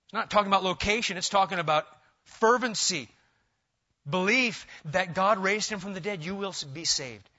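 A man with a high, bright voice preaches a sermon, rising to loud emphatic stretches and dropping to quiet asides. The recording sounds dull and lo-fi. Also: normal speed. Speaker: pastor.

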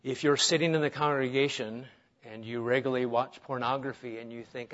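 A man's voice: mid-range voice, fairly even intonation, a little fast, fairly bright tone. A male pastor preaching an earnest, emphatic sermon, asking his listeners rhetorical questions. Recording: dull lo-fi sound.

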